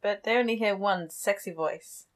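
A young woman co-hosting a podcast, chatting casually, giggling often, with lots of false starts and quick asides. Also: medium pitch. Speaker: podcast co-host. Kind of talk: casual chat.

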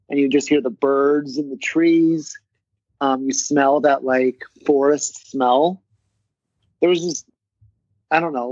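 A man's voice: mid-range voice, dry recording. Rambling man, dry muffled audio. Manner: rambling, full of "like". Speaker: podcast guest, triathlete. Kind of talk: casual chat.

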